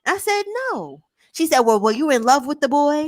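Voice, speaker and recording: Animated young woman telling a story. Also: high-pitched, fairly quick, no room sound. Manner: animated, swearing, acts out family members' voices. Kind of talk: casual storytelling chat.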